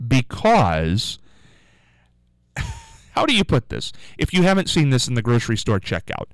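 A man hosting a radio show, telling a rambling story with animated asides in a casual on-air monologue. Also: mid-range voice, clean tone, dry recording, poor audio.

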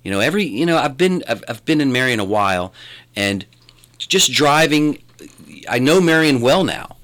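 A man's voice: mid-range voice, normal speed. A middle-aged man with a West Virginia accent, talking as an interview guest in a rambling way with many restarts. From born in Louisiana, raised in West Virginia. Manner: rambling, animated, restarts often. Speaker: guest, filmmaker and radio announcer. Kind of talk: conversational interview.

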